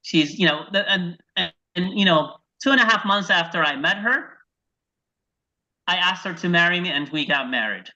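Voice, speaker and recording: A man from Iraq doing a stand-up set over a video call, telling deadpan one-liners and acting out his wife and his dog. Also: high-pitched, moderate pace. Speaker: stand-up comedian. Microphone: video call microphone. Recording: dull lo-fi video call audio.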